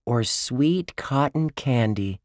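A man voicing an excitable young boy who jokes and yells about cookies. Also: mid-range voice, takes it slowly, no echo, studio quality, voice pushed up. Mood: excited, joking. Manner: loud, yelling, playful.

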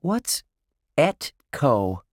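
Man doing a loud, high joker kid in a storybook; cookie-crazy and playful. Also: sing-song, extremely slow, no echo, studio quality, heavily acted. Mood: excited, joking. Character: excitable young boy, cookie-loving joker.

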